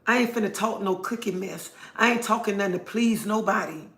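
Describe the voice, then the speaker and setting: A woman's voice: medium pitch, fairly quick, a bit bright. A middle-aged woman hosting a livestream, talking earnestly and preachily and repeating her points for emphasis. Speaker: livestream host. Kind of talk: casual livestream monologue. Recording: roomy echo.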